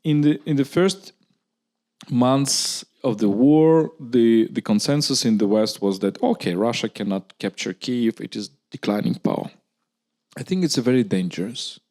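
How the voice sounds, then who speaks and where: A man's voice: mid-range voice, moderate pace, warm tone. A man with a Ukrainian accent speaking as a guest at a live public conversation, arguing earnestly and often restarting his sentences. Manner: earnest, argumentative, with frequent restarts.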